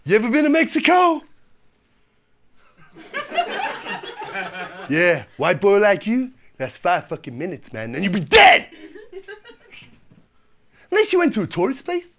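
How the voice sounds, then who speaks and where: A man's voice: high voice, wildly swooping pitch, fairly quick, fairly bright tone, exaggerated voice. A man voicing a crude, swaggering American bus passenger who swears constantly.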